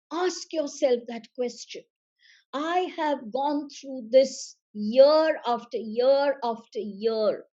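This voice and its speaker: A woman speaking as a seminar facilitator, in a measured, emphatic way that repeats phrases for weight. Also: high-pitched, a little mellow, highs cut off. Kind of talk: slow motivational seminar talk.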